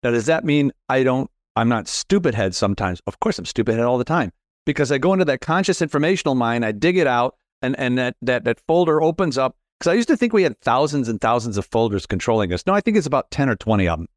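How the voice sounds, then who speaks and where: Middle-aged male host, rambling and self-deprecating, medium pitch, dry close sound. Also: lively intonation, fast, no echo. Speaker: podcast host. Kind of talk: casual conversational interview.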